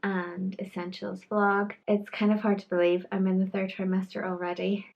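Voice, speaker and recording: A woman talks in a relaxed, chatty vlog at a mid pitch. She sounds short of breath and keeps apologizing, with sighs and small laughs between her words. The recording is a little dull and lo-fi. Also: normal speed, creaky, a little hiss or hum. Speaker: vlogger.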